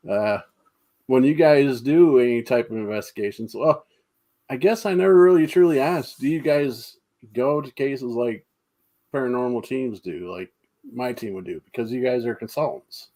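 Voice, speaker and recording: A man hosting a casual chat, talking in a halting way with many fillers. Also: mid-range voice, mellow. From New York State. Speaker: host.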